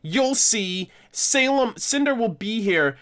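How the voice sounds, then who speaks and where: A man's voice: sits high, lively intonation, takes it slowly, a bit bright, voice pushed up, full character voice. A man mimicking a prissy, fawning young woman who taunts in a whiny, smug way.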